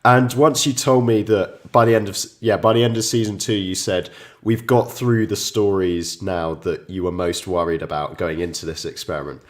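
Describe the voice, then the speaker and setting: Male co-host, very low cold-deepened voice, calm and agreeable in casual chat. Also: normal speed, hardly any pauses. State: voice lowered by a cold. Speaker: podcast co-host.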